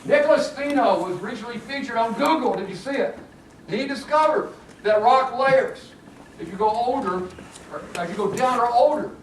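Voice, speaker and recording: A man with a very high voice gives a geology lecture. He is lively and jokey, laughing at his own asides. The sound is roomy and picked up from a distance. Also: moderate pace, a little hiss or hum. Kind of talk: classroom lecture. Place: lecture room. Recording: echoey classroom recording from far off.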